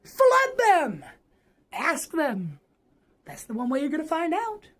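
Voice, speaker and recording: A man putting on a squeaky high streamer voice. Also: wildly swooping pitch, takes it slowly, a bit bright, heavily acted. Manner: brash, swearing, teasing the chat. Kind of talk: live workout stream chat.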